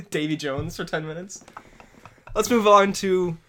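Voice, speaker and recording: Young man with a higher voice, laughing often. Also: unhurried, fairly bright tone, slight background noise. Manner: laughs often, rambling and self-mocking. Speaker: podcast host. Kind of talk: casual chat.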